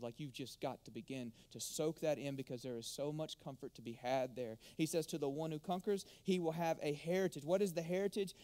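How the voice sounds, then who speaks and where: A pastor delivers a sermon in a slightly high voice. He preaches with emphatic, animated energy. He often drops to a hushed tone for effect.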